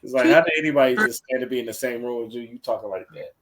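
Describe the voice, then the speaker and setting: A man's voice: mid-range voice, rapid-fire, fairly bright tone, a little hiss or hum. A man cohosting a podcast in casual chat, profane and laughing as he stumbles over repeated words.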